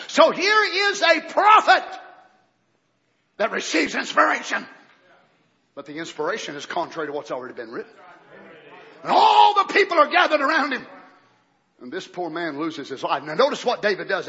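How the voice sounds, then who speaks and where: A man preaching a sermon in a church, breaking into shouted outbursts and folksy asides. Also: high voice, wildly swooping pitch, moderate pace, long pauses, husky. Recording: dull lo-fi recording with faint congregation.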